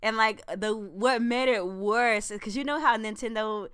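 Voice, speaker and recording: Smooth-voiced woman chatting casually. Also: fairly high pitch, moderate pace, fairly bright tone, no room sound, clean studio sound. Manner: chatty, slangy, laughs often. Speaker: podcast co-host. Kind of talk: casual chat.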